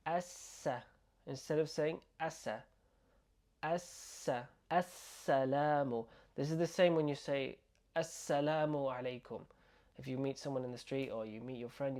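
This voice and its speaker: A man teaching pronunciation step by step, patiently repeating each word slowly for learners to copy and checking in with "okay?". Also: mid-range voice, vocal fry, darkish tone. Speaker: Arabic teacher.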